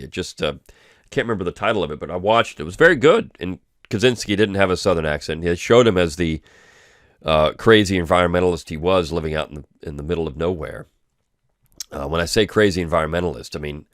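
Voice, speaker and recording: A man's voice: low voice, no room sound, clean studio sound. A man hosting a weekly review show, talking through recent articles in a loose conversational way with many ums and restarts. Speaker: host of a weekly review podcast. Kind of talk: casual spoken commentary.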